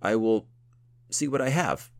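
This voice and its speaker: A man's voice: mid-range voice, measured pace, pitched above the performer's own voice, close to an everyday voice. A man voicing an anxious, deferential farmer father who speaks hesitantly and courteously. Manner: hesitant, courteous, eager to please.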